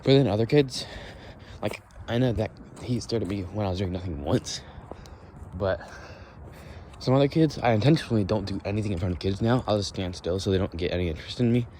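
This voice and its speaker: A young man talks his way through a walk-and-talk podcast with a low, mellow voice. He rambles bluntly, curses freely and restarts his sentences. Faint outdoor street noise sits behind him. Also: a little fast. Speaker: podcast host. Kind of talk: casual walk-and-talk monologue.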